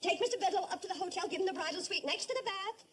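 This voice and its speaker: An actress playing a warm but fretful hotel owner who talks excitably and worries aloud. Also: female voice, very high voice. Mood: fretful lively. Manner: excitable and quick to worry. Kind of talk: 1960s sitcom acting.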